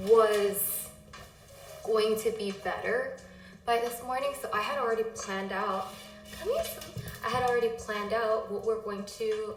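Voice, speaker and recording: A woman's voice: medium pitch, fairly bright tone. A woman streamer chatting casually while sick and out of breath, rambling, apologizing and getting sidetracked. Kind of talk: casual livestream chat. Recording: echoey room, faint music behind.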